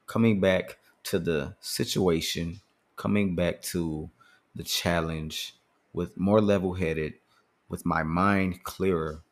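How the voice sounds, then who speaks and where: Low-voiced guy talking earnest life advice, kinda rambly, repeats himself. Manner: earnest, repeats words while thinking. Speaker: podcast host. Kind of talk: casual motivational talk.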